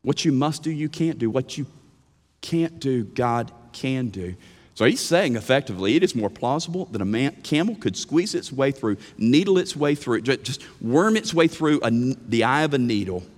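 A man preaching a sermon as pastor, animated, swinging from emphatic lines to hushed ones. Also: mid-range voice, moderate pace, in a large hall. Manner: animated preaching with sudden drops to a hush. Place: church sanctuary.

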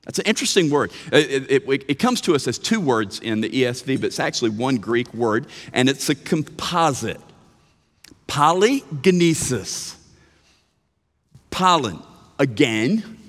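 A man preaching a sermon, swinging between hushed, slow phrases and loud, emphatic bursts. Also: mid-range voice, very animated, long reverb tail.

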